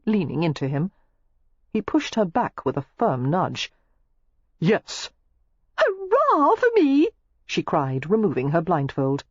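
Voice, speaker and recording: Husky-voiced woman narrating an audiobook. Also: deep voice, no room sound, dull audio. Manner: steady, expressive storytelling.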